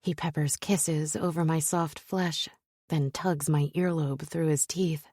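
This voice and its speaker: A woman narrating a romance audiobook in the first person, with a soft, intimate and breathy delivery. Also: low voice, fairly even intonation, measured pace, no echo, studio quality.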